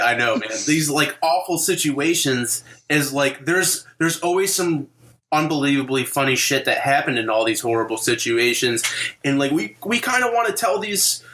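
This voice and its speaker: Young male co-host, veteran: loose, filler-heavy, profane talker with a bright, forward voice. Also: on the high side, slight background noise. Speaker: podcast co-host, Marine veteran. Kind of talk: casual podcast chat.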